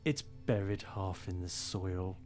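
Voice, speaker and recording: A man runs a spooky tabletop game, his voice sitting low. He sets scenes slowly and descriptively, with soft music under him. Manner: descriptive, slow when setting a scene. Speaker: game master.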